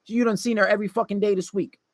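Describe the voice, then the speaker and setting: A man's voice: high-pitched, little pitch movement, racing, no room sound. A man delivering a blunt, profane dating-advice monologue to male listeners, often mocking the people he quotes.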